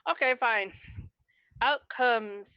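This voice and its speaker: Excitable woman on a muffled mic. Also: a little high, slow, clean tone. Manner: excitable, dramatic. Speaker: player. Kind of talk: playing a tabletop game.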